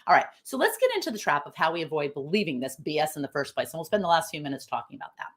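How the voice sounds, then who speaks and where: A woman hosting a live online talk, emphatic and animated, asking her audience questions as she goes. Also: low-pitched, rapid-fire. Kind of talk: lively live-stream talk.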